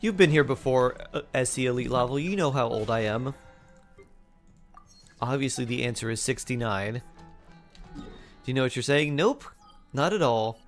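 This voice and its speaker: A man's voice: medium pitch, expressive, moderate pace, pauses often. Laid-back man humming through a stream. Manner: laid-back, hums and scats to himself while reading chat. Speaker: game streamer. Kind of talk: casual live-stream chat. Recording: faint music behind.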